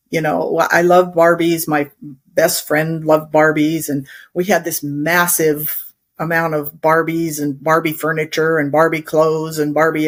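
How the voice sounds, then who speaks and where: Middle-aged woman from Wyoming; chatty, rambling guest who laughs easily. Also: low voice. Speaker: interview guest, instructional designer. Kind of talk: casual storytelling in conversation.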